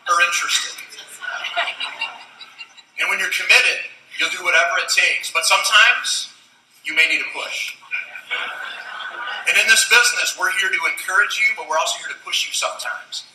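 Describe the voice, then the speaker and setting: A man giving a motivational storytelling talk at a convention, who quizzes the audience and bursts into shouts at the high points. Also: a little hiss or hum. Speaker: convention speaker. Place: large convention hall. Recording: echoey hall, distant mic.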